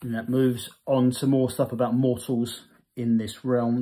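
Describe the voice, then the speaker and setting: A man's voice: mid-range voice, level tone, measured pace, dark tone. Casual male hobby reviewer; chatty, reads magazine text aloud, stumbles and self-corrects.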